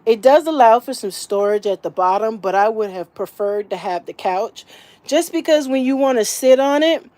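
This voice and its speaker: Woman, older, slightly high pitch, casual vlog, homey chatter, small camper interior. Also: lively intonation, moderate pace, darkish tone. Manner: chatty, homey, fond of the word little. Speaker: vlogger giving a camper tour.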